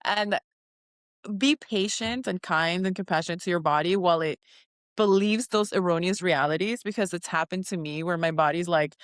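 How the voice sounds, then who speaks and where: A woman co-hosting a casual spiritual podcast, animated, laughing often and acting out her own inner voices. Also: fairly low pitch, brisk, dry recording, studio quality. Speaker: podcast co-host.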